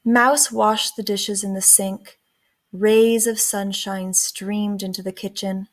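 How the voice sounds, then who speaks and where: A woman teacher reading a picture book aloud in a gentle, expressive storytelling manner. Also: medium pitch, slow pace.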